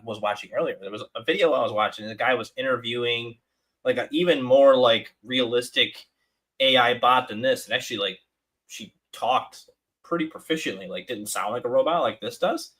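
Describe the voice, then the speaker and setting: Bright-voiced rambling man co-host. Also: mid-range voice, a little fast, rough recording. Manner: rambling storyteller, many restarts and "like"s. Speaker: co-host of a live stream. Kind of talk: casual live-stream chat.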